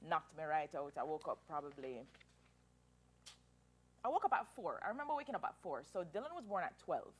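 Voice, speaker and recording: Interview guest, woman, 30s, low voice with very lively pitch, emotional storyteller. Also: brisk, long pauses, husky. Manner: animated, emotional, laughing through tears.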